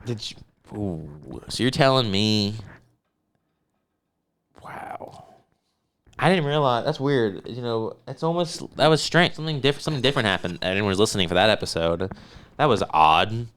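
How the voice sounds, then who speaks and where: A man co-hosting a casual podcast, talking in an animated, sarcastic and profane way and often laughing. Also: fairly low pitch, normal speed, long pauses, clean tone. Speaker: podcast co-host. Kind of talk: casual chat.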